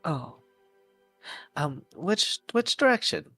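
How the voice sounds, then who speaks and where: A man's voice: fairly high pitch, big pitch swings, takes it slowly, vocal fry, bright, forceful tone, slightly rough, no room sound, faint music behind. A man playing in a casual tabletop role-playing game, easygoing and joking. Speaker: player.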